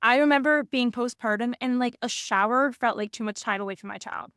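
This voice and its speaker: A woman's voice: on the high side, fairly quick, fairly bright tone, clear, resonant tone, no echo, clean studio sound. A woman hosting a podcast, talking in a loose, rambling way with many restarts. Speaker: podcast host. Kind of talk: casual conversation.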